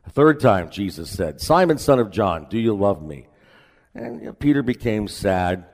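A man pastor preaching a sermon in a relaxed, conversational way with folksy asides, in a church sanctuary. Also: on the low side, moderate pace, long reverb tail.

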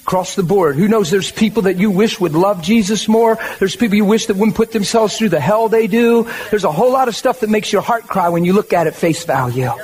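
A man with a notably high-pitched voice delivers a sermon. He talks plainly and conversationally and keeps leaning into emphatic asides to the congregation. There is a faint hum of noise behind him. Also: fairly quick, hardly any pauses, a little mellow. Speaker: preacher.

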